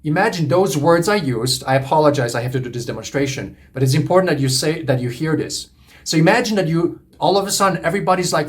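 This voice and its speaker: A man's voice: a little high, animated, normal speed. A man coaching on relationships, lecturing in an earnest, repetitive, emphatic way. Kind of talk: monologue lecture to camera.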